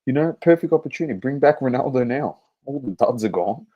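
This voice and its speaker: A man co-hosting a sports podcast, talking football in blunt, sweary, animated banter. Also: medium pitch, quick pace, lo-fi sound. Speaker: podcast co-host. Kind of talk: casual sports chat.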